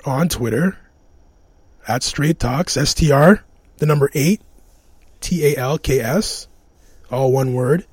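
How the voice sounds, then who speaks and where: A man's voice: medium pitch, darkish tone, no echo. Laid-back man telling a story, dry mic. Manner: rambling, laughs often, restarts. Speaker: podcast host. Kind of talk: casual storytelling monologue.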